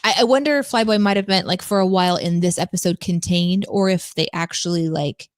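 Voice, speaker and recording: A woman co-hosting a live-streamed podcast, reading out viewer comments and musing on them in a relaxed, thoughtful way. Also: on the low side, fairly quick, no echo, studio quality. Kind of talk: casual live-stream chat.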